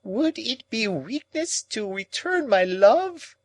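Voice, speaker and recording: A man reading an audiobook, voicing a grief-stricken, possessive old woman in a high, wailing, drawn-out voice. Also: sing-song, dry recording, exaggerated voice, rough recording. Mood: pleading.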